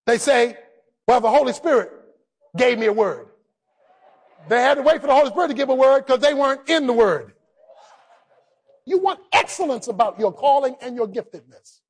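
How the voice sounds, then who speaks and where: A male pastor preaching a sermon, driving his points with shouted emphasis and getting the congregation to repeat lines back to each other. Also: extremely high pitch.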